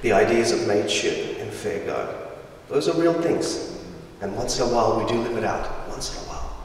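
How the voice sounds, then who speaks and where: A man's voice: fairly low pitch, normal speed, a little hiss or hum. Afghan-born man speaking in an echoey hall. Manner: lively, humorous, acts out voices of people in his stories. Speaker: guest speaker. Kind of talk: storytelling public talk. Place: large school hall with audience. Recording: roomy echoey hall from far off.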